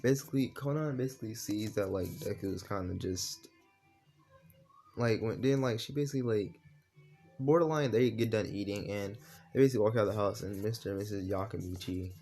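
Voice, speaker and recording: Guy rambling through a made-up story while gaming, lotta likes and basicallys, swears a bunch, lowish voice. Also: brisk, mellow, soft background music. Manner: rambling, full of fillers and swearing. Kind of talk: improvised fan-fiction storytelling while gaming.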